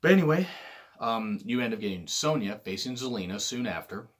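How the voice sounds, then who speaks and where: Rambling low-voiced man on wrestling. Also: expressive, brisk. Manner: rambling, self-correcting, frequent throat clearing. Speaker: wrestling commentator. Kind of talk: casual solo commentary.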